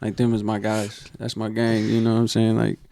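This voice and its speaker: A young man, co-hosting a casual podcast. His voice is gravelly and dark, with a flat, level delivery and a dry, close sound. He tells a heartfelt personal story loaded with slang and fillers. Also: fairly low pitch, brisk, dry recording. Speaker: podcast co-host.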